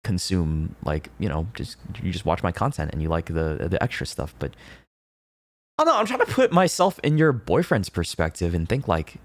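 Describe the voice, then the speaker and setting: Rambling young man streaming, lively pitch. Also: normal speed, dry recording, clean studio sound. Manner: rambling, animated, with laughs and swearing. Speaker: VTuber streamer. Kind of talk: casual livestream chat reading confessions.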